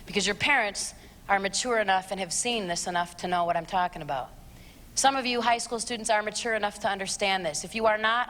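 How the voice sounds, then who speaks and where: A middle-aged woman giving a blunt, sarcastic live talk to teens and parents, her voice jumping high when she exclaims. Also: fairly bright tone. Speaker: speaker. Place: church auditorium. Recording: long reverb of a large hall.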